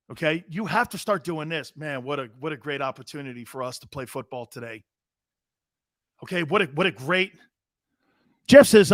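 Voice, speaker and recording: Male sports talk host, swooping high voice, rowdy storyteller. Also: no echo, studio quality. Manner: animated storyteller, laughs often, curses. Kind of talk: casual sports radio chat.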